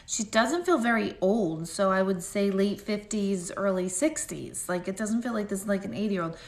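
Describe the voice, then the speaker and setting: Answering her viewers during a live psychic reading, this intuitive medium rambles chattily and leans heavily on "like" as a filler. She speaks at a normal speed with a medium pitch, and the room echoes.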